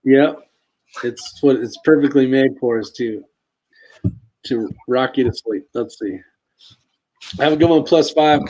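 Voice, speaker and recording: A man's voice: mid-range voice, a little slow, long pauses, a little mellow. Laid-back man hosting a live chat. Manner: laid-back, laughs often, reads chat aloud; calls his own voice a sleepy DJ voice. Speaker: live stream host. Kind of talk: casual chat.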